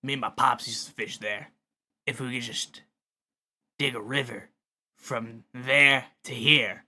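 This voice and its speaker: A man voicing a gruff, rugged male woodsman survivor who speaks low and slow. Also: steady tone, sharp tone.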